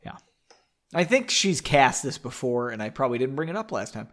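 A man's voice: medium pitch, very animated, brisk, a bit bright. A man hosting a podcast, reading his own novel aloud with playful, self-mocking asides to listeners. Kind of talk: casual story reading with joking asides.

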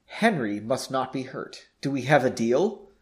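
A man reading a calm young witch. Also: mid-range voice, a little slow. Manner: calm, even.

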